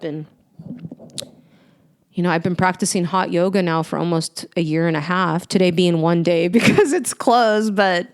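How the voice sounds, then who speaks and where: A woman hosting a motivational talk, speaking earnestly and directly to her listeners. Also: on the low side. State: tearful at times. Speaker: host.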